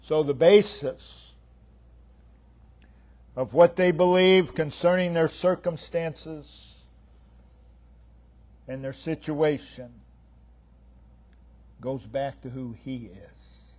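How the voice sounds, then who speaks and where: A man preaching a sermon, emphatic and repetitive, swinging between loud declarations and hushed lines. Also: a little high, extremely slow, pauses often. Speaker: pastor.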